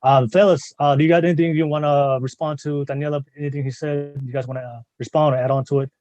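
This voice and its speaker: A man hosting a panel discussion over a video call, halting and encouraging as he hands the floor to guests. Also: on the high side, fairly even intonation, warm tone, dry recording. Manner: halting, encouraging, full of fillers. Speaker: podcast host.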